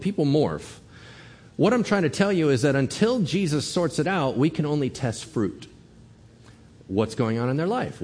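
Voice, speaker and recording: A man's voice: medium pitch, slightly rough, big-room sound. A man preaching a sermon as pastor, telling stories animatedly and acting out the lines people said. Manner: animated storytelling, acting out quotes.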